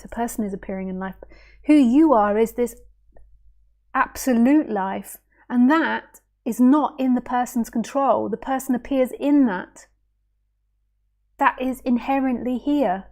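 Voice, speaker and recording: A woman teaching non-duality in a spontaneous spiritual talk, playful and animated, musing aloud with rhetorical questions and little acted-out voices. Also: on the high side, a little slow.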